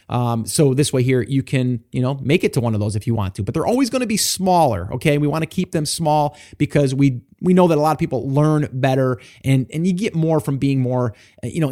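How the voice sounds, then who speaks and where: Excited rambling podcast host, man. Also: fairly high pitch. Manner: enthusiastic, rambling with fillers. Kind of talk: casual podcast chat.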